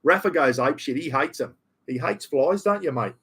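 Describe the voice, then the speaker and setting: Chatty Australian man, fairly high voice. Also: expressive, brisk, a bit bright, slightly rough. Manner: rambling, chatty, ocker slang. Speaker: live-stream host. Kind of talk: casual live-stream chat.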